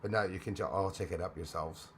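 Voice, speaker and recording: A man's voice: low-pitched, fairly even intonation, fast, a bit bright, a little hiss or hum. Man casually greeting live stream viewers. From Canada. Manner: rambling, greets viewers by name, frequent restarts.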